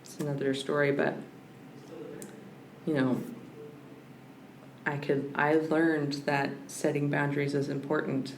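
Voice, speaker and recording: A woman's voice: deep voice, flat delivery, a little slow, long pauses. A woman guest on a podcast, a language scholar, talking in a reflective, searching way with frequent restarts. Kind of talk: reflective conversational interview. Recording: roomy with faint background hiss.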